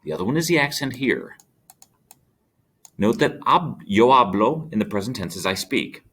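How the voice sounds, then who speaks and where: A man's voice: mid-range voice, expressive, moderate pace, a bit bright, husky. A man teaching Spanish grammar in a recorded lesson, explaining step by step and checking that students follow.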